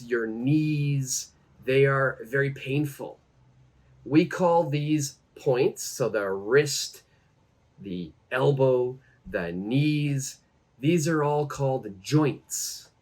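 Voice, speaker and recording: A man teaching an English lesson on health phrases, saying each model sentence twice in a careful, deliberate way. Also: fairly high pitch, expressive. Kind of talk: slow, clear English lesson.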